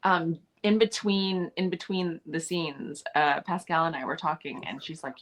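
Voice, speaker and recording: A woman's voice: low voice, fairly even intonation, unhurried. A woman actor being interviewed, telling behind-the-scenes anecdotes in a chatty way and laughing often. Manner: chatty, many restarts and fillers. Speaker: actor guest. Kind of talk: casual interview storytelling.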